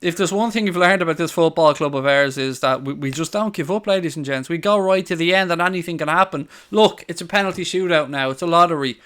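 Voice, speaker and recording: A man hosting a live football watchalong, excitable, swearing and shouting over the action. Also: on the high side, fast, hardly any pauses, smooth. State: out of breath. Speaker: watchalong host.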